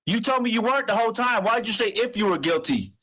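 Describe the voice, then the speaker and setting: Furious man shouting accusations. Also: sits high, lively intonation, fast, rough recording. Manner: angry, accusing, cursing. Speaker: father on a phone call. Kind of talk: heated phone argument.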